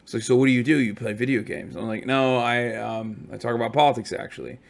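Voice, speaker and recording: A man's voice: medium pitch, fast, vocal fry. Tired, profane man telling stream stories. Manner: profane, animated storytelling with mock quotes. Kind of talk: casual stream chat. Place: hotel room.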